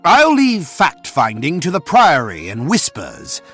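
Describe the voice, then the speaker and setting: Blunt asura soldier. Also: male voice, fairly high pitch, wildly swooping pitch, a little slow, fairly bright tone, breathy edge, soft background music, full character voice. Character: gruff small male asura soldier. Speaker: Vigil agent. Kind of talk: video game voice acting.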